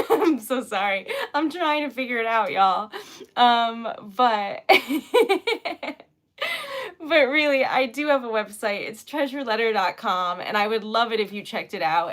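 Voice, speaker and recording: Giggly, slow-talking woman livestreaming crafts. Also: on the high side. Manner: giggly, chatty, greets viewers warmly. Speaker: livestream host making wax seal stickers. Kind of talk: casual livestream chat.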